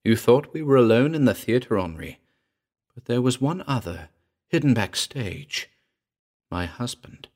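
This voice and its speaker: A man's voice: mid-range voice, lively intonation, a little slow, darkish tone, voice pushed up. A man voicing the ghost of a dead actress, speaking tenderly and sadly in a throbbing contralto. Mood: sorrowful. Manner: tender, mournful.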